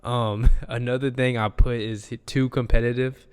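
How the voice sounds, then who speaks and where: A man's voice: medium pitch, flat delivery, normal speed, clear, resonant tone, big-room sound. A young man, an enthusiastic football analyst, talking loosely through game film and repeating himself as he goes. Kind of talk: casual film breakdown.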